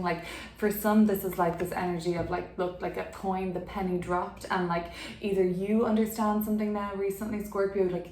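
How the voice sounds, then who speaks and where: A woman's voice: medium pitch, mellow, roomy sound, a little hiss or hum. A woman giving a casual tarot reading from her apartment, chatty and full of fillers. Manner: chatty, filler-heavy, laughs easily. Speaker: tarot reader.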